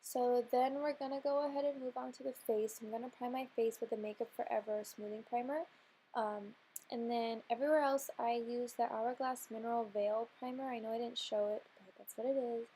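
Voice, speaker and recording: A woman's voice: a little high, steady tone, a little fast, warm tone, slight background noise. A young woman talking through a makeup tutorial in a chatty, bubbly way, sounding slightly nasal from a cold. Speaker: beauty vlogger. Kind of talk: casual makeup tutorial voice-over.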